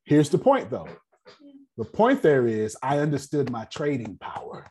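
Husky, lively-voiced man telling stories. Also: medium pitch. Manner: repeats words, streetwise slang, dramatic pauses. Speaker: speaker leading a business meeting. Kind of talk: animated motivational storytelling.

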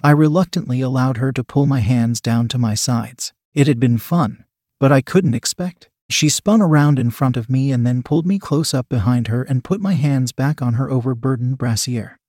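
A man reading an erotic story as narrator in a steady, even voice. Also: mid-range voice, normal speed, dry recording, clean studio sound.

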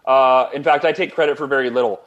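A man's voice: medium pitch, muffled recording, a little hiss or hum. A man in his forties, a guest author on an interview show, telling a personal story with energy and quoting others as he goes. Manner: energetic, fast storytelling with quoted voices.

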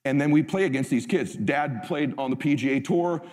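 A man's voice: medium pitch, moderate pace, a little mellow, in a large hall. A middle-aged man giving a motivational talk. He tells the story intensely and emphatically, and he swears freely. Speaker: motivational speaker.

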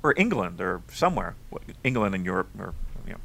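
An American man co-hosting a wrestling podcast in a casual chat, excitable and joking, cursing now and then. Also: sits low, fairly quick, gravelly. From United States. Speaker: podcast co-host.

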